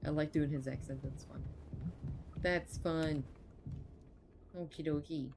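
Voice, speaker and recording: A woman's voice: low-pitched, fairly even intonation, takes it slowly, pauses often, background noise. Woman casually commenting on a game. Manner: casual, swearing, laughing asides. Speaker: gamer. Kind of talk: let's-play commentary.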